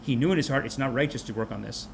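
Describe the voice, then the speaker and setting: A man hosting a podcast, delivering a comic rant of a movie review in an animated, mocking way. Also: mid-range voice, creaky, a little hiss or hum. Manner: animated, mocking, puts on quick character voices. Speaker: podcast host.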